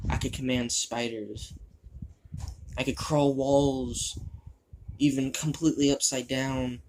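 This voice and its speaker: A man's voice: mid-range voice, a little hiss or hum, natural voice. A man playing a crude, boastful spider demon. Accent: shifting put-on British-style accent. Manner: rambling, crude, gleeful about violence. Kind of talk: fan fiction character monologue.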